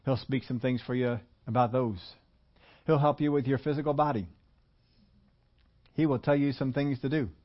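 A man's voice: mid-range voice, fairly even intonation, normal speed, long pauses, highs cut off. An older man preaching a sermon in a church, talking in a folksy, conversational way with many repetitions. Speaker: pastor.

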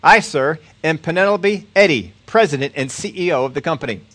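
A man's voice: on the high side, animated, fairly quick, a bit bright. A man doing a cheerful rich lady. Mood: bright polite. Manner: smiling, politely insistent. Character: wealthy kind woman, cheerful and persistent.

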